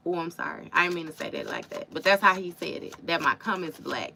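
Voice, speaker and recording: Bright-voiced woman giving a casual tarot reading. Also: fairly low pitch, fast talker, hardly any pauses, slight background noise. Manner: casual, emphatic, slangy, addresses viewers directly. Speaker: tarot reader.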